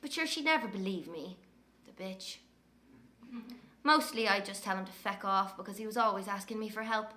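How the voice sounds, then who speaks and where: Woman acting young Irish woman, brash, scornful, quick storyteller, bright voice. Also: medium pitch, natural voice. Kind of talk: audio drama monologue.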